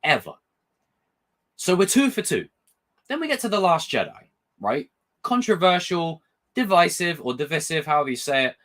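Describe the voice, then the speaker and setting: Brief: young man, fired-up profane reviewer, pitch swinging up and down. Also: normal speed, pauses often. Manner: animated, rambling, passionate and profane. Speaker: film and TV reviewer. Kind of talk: casual review vlog.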